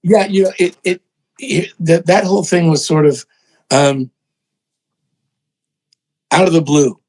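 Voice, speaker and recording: An older man, a songwriter and producer, telling animated stories in an interview, acting out other people's voices and poking fun at himself. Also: fairly high pitch, a little slow, low-quality recording. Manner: excitable, acts out voices in quotes, self-mocking.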